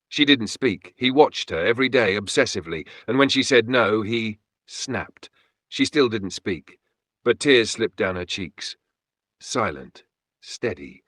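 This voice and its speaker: A male narrator reads a first-person horror tale in a measured, hushed way. His voice sits low but has a bright, crisp edge, and the recording is dry and close. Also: expressive, no room sound.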